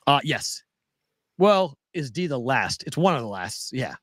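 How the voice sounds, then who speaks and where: A man's voice: medium pitch, very animated, a little slow, fairly bright tone, dry recording. A man co-hosting a casual chat show, telling a story with animation and acting out both sides of the conversation. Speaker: podcast co-host.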